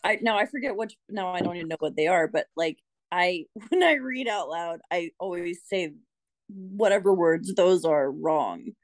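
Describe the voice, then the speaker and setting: A woman's voice: lowish voice, lively intonation, moderate pace, no room sound. A woman chatting casually on a podcast, self-deprecating and laughing as she talks.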